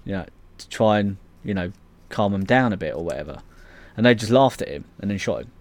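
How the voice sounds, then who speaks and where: A man's voice: lowish voice, animated, fairly quick, a little mellow. A man in casual chat, recapping scenes hesitantly with lots of fillers and the odd swear word.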